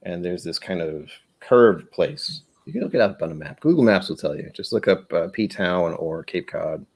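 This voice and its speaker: Low-voiced man rambling in casual chat. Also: lively intonation, moderate pace, vocal fry, breathy edge. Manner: rambling, searching for words. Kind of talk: casual chat on a live stream.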